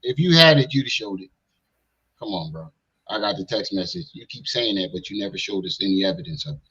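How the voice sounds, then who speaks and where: A man's voice: sits low, expressive, a little fast, bright, forceful tone, breathy edge, lo-fi sound. A man hosting a casual reaction stream, bluntly questioning the clip he plays. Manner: blunt, skeptical, talks back at the clip. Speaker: livestream commentator.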